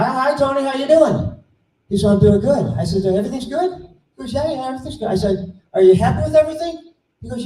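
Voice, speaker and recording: High-voiced man telling a story, roomy hall. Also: a little hiss or hum. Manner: animated, folksy, acts out dialogue in quotes. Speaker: conference speaker. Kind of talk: storytelling keynote talk. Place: conference room. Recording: roomy, distant mic, faint ambience.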